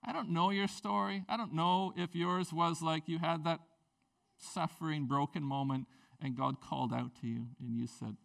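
A male pastor with a somewhat high, gravelly voice delivers a sermon in a casual, conversational way. He acts out the people in the story and moves from loud, lively bursts to soft, hushed passages. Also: moderate pace.

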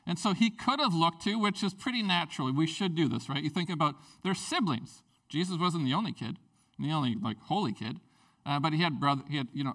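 A young man preaching a candid sermon as pastor, swinging from quiet asides to near-shouting. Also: on the high side, far from the mic.

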